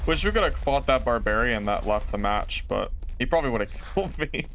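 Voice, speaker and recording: A man's voice: mid-range voice, very animated, fairly quick, fairly bright tone, a little hiss or hum. A young man streaming a video game, talking casually to chat in a rambling, self-mocking way that trails off into mumbles. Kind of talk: casual gameplay commentary.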